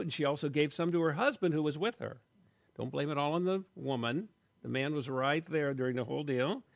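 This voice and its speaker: A man in his sixties giving a sermon, telling a story with jokes and asides in a lively way. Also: a little high. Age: 60s. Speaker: pastor.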